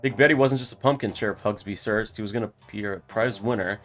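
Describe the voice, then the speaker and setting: A man's voice: lowish voice, fast, fairly bright tone, natural voice. A man voicing a stoic, earnest young farmhand who speaks in a plain, folksy way.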